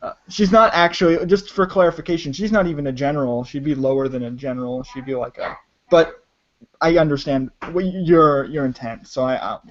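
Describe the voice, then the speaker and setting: A man's voice: on the high side, fairly quick. A man narrating as game master of a tabletop game, talking hesitantly with many restarts. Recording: dull lo-fi audio.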